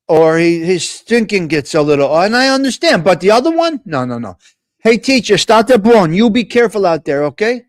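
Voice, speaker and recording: Man, high-pitched voice, rambling live-stream host, blunt and mocking, dry close sound. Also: dry recording. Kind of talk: casual live-stream chat.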